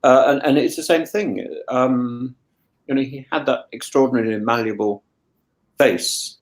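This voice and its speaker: A man's voice: mid-range voice, normal speed. A man in casual chat on a show he regularly joins, talking in a thoughtful, musing way with many restarts and stammered repeats. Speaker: regular guest.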